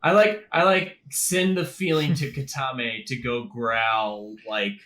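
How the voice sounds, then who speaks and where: A man's voice: medium pitch, steady tone, takes it slowly, bright, forceful tone. A man playing a tabletop game, earnest and thinking aloud about his moves. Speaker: player. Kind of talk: casual tabletop game chat. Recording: roomy echo.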